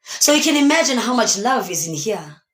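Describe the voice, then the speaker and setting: Brief: South African woman, motivational live streamer, emphatic and preachy, voice a little high and very animated, echoey room. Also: normal speed. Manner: emphatic, preachy, asks many rhetorical questions. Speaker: motivational speaker.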